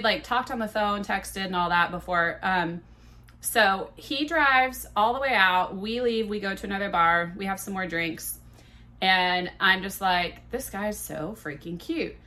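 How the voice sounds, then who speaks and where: Bright-toned woman podcaster, swears a lot, chatty and animated. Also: medium pitch. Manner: candid, profane, animated retelling. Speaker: podcast host. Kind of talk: casual storytelling monologue.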